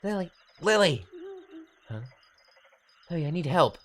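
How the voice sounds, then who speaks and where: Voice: mid-range voice, big pitch swings, slow pace, slight background noise. A player voicing a frightened young heroine. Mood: alarmed.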